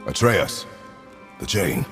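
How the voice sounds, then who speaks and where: An actor playing a stern, terse warrior father who is a god, with a gravelly voice, speaking in a commanding way. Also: low voice, sing-song, slow pace, over loud music, heavily acted. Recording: reverberant game audio with score.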